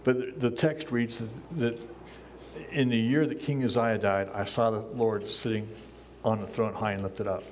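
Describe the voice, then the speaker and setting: An older man, a pastor, preaching a sermon from a church pulpit in a relaxed, conversational way, chuckling often and acting out the lines he quotes. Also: lowish voice, moderate pace, a little hiss or hum. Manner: acts out quoted lines in a raised voice.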